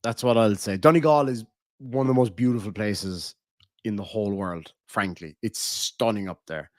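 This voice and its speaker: A man's voice: on the low side, moderate pace, dry recording, studio quality. A man with a Cork accent chatting on a live stream, reading out chat messages and answering with crude, swearing jokes. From Ireland. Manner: crude, joking banter, heavy swearing.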